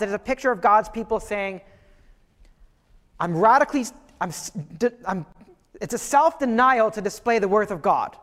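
A man preaching a sermon in a lively, conversational way, asking his listeners questions as he goes. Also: high-pitched, big-room sound. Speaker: pastor.

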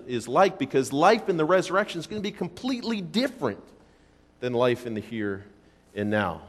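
A man preaching a sermon in a church, his somewhat high voice carrying a long reverb through the room. He rushes through asides and then slows down, leaning hard on key words. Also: a bit bright. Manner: emphatic preaching, swings between quick asides and slow stressed phrases. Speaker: pastor.

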